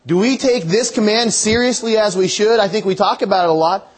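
A man's voice: high voice, fairly quick. A man preaching a sermon in a conversational way, thinking aloud and restarting his phrases.

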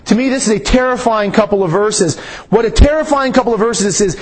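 A man preaching a sermon, slow and emphatic, his voice rising on key phrases. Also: high-pitched, lively intonation. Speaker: pastor.

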